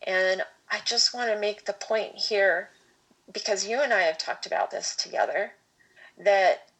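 A woman podcast host speaking in a measured, reflective way, often restarting her phrases. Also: medium pitch, a bit bright, low-quality recording. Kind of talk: podcast conversation.

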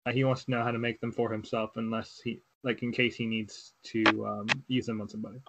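A man's voice: mid-range voice, level tone, quick pace, heavy background noise. Hesitant man player. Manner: hesitant, with fillers. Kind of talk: casual game table chat.

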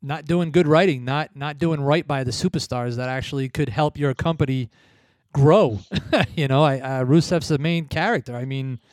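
A man's voice: mid-range voice, moderate pace, darkish tone, dry recording, clean studio sound. A man hosting a wrestling podcast in casual chat, laid-back, laughing and swearing now and then. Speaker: podcast host.

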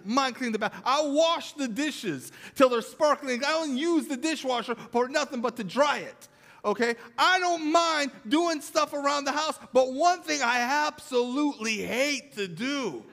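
A man preaching a sermon as pastor, telling a funny home story, then turning soft and earnest. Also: very high voice, a little slow, vocal fry, long reverb tail. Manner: storytelling with humor, swings from animated to soft and earnest. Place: church sanctuary.

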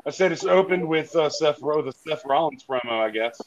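A man co-hosting a podcast in casual chat, even-tempered and measured, talking over headphones on an online call. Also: a little high, slight background noise. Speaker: podcast co-host. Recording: dull, dry lo-fi call audio.

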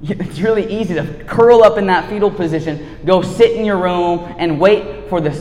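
A man giving a casual sermon, laid-back and slangy, swinging between hushed and loud. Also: high-pitched, normal speed. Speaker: preacher. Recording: echoey hall reverb.

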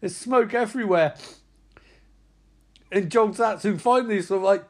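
A man with a high voice tells the plot of a horror film in a loose, casual way. He is excitable and profane, breaking into exclamations as the action builds. The recap feels like chatting with a friend. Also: moderate pace, pauses often.

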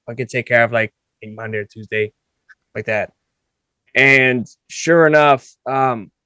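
A man's voice: medium pitch, bright, forceful tone, clear, resonant tone, no room sound, studio quality. A man hosting a podcast in casual, conversational chat, often checking in with listeners as he talks. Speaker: podcast host.

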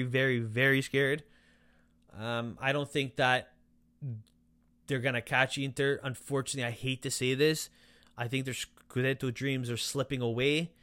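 A young man hosting a casual football podcast, excitable and animated, with loud outbursts and quieter asides. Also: mid-range voice, no room sound. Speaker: podcast host.

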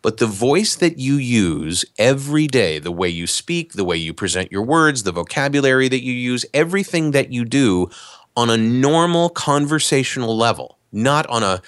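A man, an actor and voice talent, explaining in a relaxed, conversational way during a podcast interview. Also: mid-range voice, unhurried, dry recording, clean studio sound. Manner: relaxed, explanatory, animated asides.

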